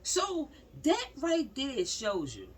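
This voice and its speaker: Here a news-commenting vlogger speaks in a high-pitched voice with huge pitch swings, taking it slowly. She addresses her viewers casually and emphatically, repeating herself for effect, on a slightly distant mic with a faint hum of background noise.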